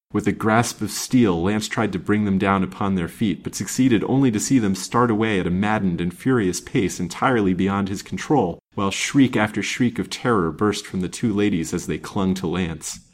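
A man reading a classic romance novel aloud as a storyteller, in a steady, measured way. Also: on the low side.

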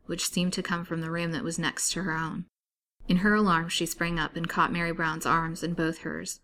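A woman storyteller reading a novel chapter aloud in a steady, measured way. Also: lowish voice, gravelly, a little hiss or hum.

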